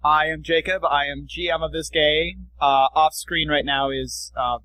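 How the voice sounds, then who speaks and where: A man's voice: fairly high pitch, fairly even intonation, measured pace, bright, forceful tone, dry recording, poor audio. A man running a tabletop role-playing podcast as game master, joking and teasing his players.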